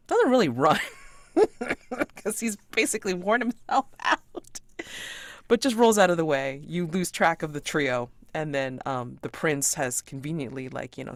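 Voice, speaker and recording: Brief: low, dry-sounding woman narrating a tabletop game, loose and rambling. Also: no room sound. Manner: rambling, hesitant narration with fillers. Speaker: game master.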